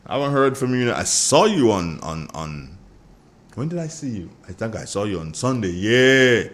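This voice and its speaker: A middle-aged Grenadian man hosts a morning radio show in a low voice that rises and falls with great animation. He jokes and chats freely, sending shout-outs to his listeners one after another. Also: sing-song, normal speed. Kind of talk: casual morning radio chat.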